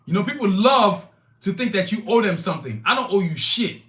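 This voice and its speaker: Brash, bright-voiced man ranting on a live stream. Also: sits high, big pitch swings, fairly quick. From Nigeria. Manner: emphatic, blunt and profane, talks straight to chat. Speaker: podcast host. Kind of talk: live-streamed solo podcast rant.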